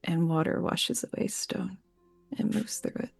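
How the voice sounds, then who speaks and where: A woman playing a tabletop role-playing game, softly and hesitantly narrating what her character does, with many fillers. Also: medium pitch, measured pace, gravelly, slightly rough, whispered, faint music behind. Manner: soft, hesitant, full of fillers. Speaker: player in a tabletop role-play.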